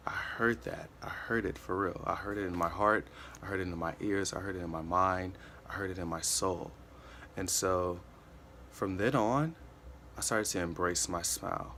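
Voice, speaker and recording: A young man with a very low, deep voice talks earnestly in a relaxed motivational vlog. He circles back on his points and leans on "you know" as he goes. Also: creaky, slight background noise. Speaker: motivational vlogger. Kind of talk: casual motivational monologue.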